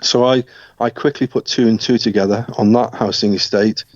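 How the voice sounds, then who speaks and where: A middle-aged man telling his life story as an interview guest, reflective, with soft laughs. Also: lowish voice, steady tone, normal speed, no room sound. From Scotland, raised partly in South Africa and England. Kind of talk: personal testimony in an interview. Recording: dull, lo-fi sound.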